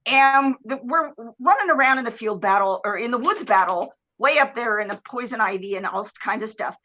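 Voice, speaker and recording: A woman guest on a live streamed talk show, telling stories in a lively, casual way and acting out the people in them. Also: a little high, brisk. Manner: animated, swears casually, acts out voices. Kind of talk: casual storytelling. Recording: dull lo-fi stream audio.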